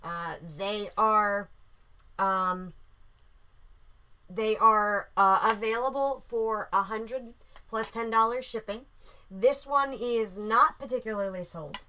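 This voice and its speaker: A woman's voice: medium pitch, sharp tone, a little hiss or hum. Chatty woman hosting an art stream. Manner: chatty, scattered, thinking aloud with many fillers. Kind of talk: casual chat while drawing.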